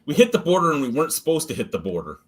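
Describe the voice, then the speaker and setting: A man's voice: fairly high pitch, very animated, racing, breathy edge. A man hosting a beer review stream, telling an anecdote and swearing freely. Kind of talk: casual profane storytelling.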